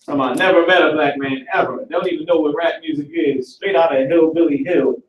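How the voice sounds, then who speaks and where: A talkative male teacher leading a casual online class, narrating each step as he clicks through. His voice sits slightly high, and the recording is roomy and set back from the mic. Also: brisk, distant mic, muffled recording. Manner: animated, talkative, works through the screen aloud.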